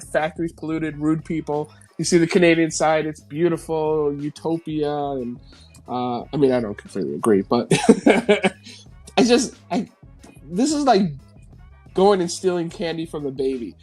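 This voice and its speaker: A man's voice: fairly high pitch, a little mellow. A man from New York hosting a live stream, reading news headlines aloud and mocking them with profane, sarcastic asides and frequent laughter. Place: home.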